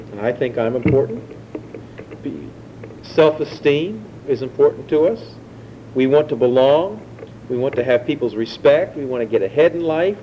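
A man's voice: a little high, warm tone, slight background noise, rough recording. A man preaching a sermon, teaching in a conversational way and putting questions to his listeners.

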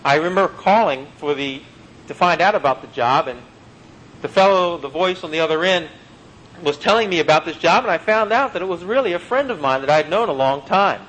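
A man preaching a sermon, slowing down and dropping low on key phrases and mixing in homely stories. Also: lively intonation, a bit bright, low-quality recording. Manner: emphatic, slows and drops low on key phrases, folksy anecdotes.

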